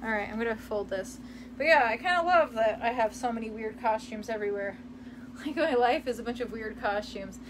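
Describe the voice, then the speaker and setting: High-voiced chatty young woman, giggly. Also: brisk, slight background noise. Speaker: vlogger. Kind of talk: casual chat reading live comments. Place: room in her parents' house.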